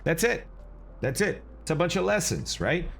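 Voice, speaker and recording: Chatty man streaming, lively pitch. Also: normal speed, creaky, slightly rough. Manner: chatty, greets viewers, explains as he goes. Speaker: flight sim streamer. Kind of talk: casual live-stream chat.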